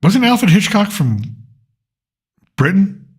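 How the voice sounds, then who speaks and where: A man's voice: sits high, sing-song, slow pace, darkish tone. A man hosting a casual political commentary show, thinking aloud and rambling as he reads through lists. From United States.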